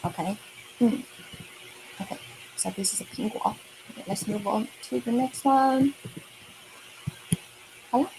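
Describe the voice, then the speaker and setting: Slow, patient Chinese-accented woman teacher. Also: a little high, vocal fry, noisy background. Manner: slow and patient, repeats words, many fillers like okay and right. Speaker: Mandarin teacher. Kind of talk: slow online kids' lesson.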